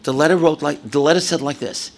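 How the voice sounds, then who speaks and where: A man in his seventies from New York, a rabbi telling stories in a dramatic, animated lecture. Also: a little high, fast talker. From New York, USA. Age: 70s. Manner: animated, dramatic storyteller with sudden drops and exclamations. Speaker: rabbi, speaker. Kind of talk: storytelling lecture to an audience.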